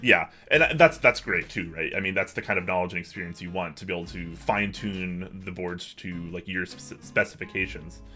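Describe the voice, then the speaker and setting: A man's voice: sits low, a little fast, hardly any pauses, sharp tone, soft background music. A young man hosting a casual livestream from his home office, chatting and answering viewer messages. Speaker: livestream host.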